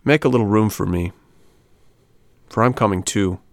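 A man voicing an impulsive wooden puppet boy, eager and pleading, rising to high exclaims. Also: moderate pace, no echo, studio quality, close to an everyday voice. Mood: hesitant.

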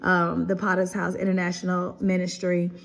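A woman's voice: on the low side, completely flat delivery, moderate pace, gravelly. A middle-aged woman hosting her own podcast, giving an earnest, preacherly devotional talk and often repeating and restarting her phrases. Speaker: podcast host giving encouragement.

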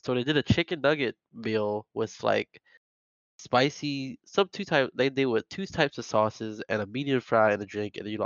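On the low side in pitch, this young podcast co-host rambles through stories in casual banter, laughing often and restarting as he goes. The recording is dry, muffled, and lo-fi.

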